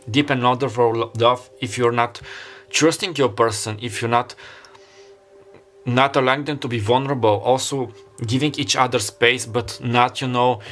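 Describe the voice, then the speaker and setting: Guy doing a tarot reading, mid pitch, kind of rambly and heartfelt, hunts for words, faint music behind. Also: a bit bright. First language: Bulgarian. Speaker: tarot card reader. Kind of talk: pick-a-card tarot reading.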